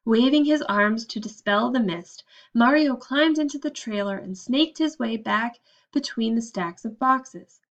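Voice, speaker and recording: A woman reading a children's storybook aloud with steady, expressive narration. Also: on the high side, unhurried, highs cut off. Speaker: audiobook narrator.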